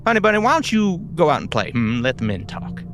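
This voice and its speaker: A man's voice: fairly high pitch, sing-song, quick pace, a bit bright, soft background music, pitched above the performer's own voice. A man voicing a folksy, menacing prison boss who drawls and mocks. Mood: mocking.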